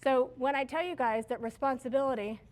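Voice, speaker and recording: A woman's voice: sits high, brisk. A middle-aged woman who manages a restaurant, giving her staff a casual, story-filled training talk on leadership. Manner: casual, chatty, self-deprecating with stories.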